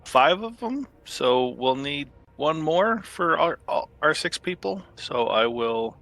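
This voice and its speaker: A man playing a tabletop game, his voice gravelly with fry and bright and forceful in tone. He talks hesitantly, stopping and restarting as he decides his move. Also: on the high side, animated, slow pace. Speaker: player. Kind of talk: casual tabletop play.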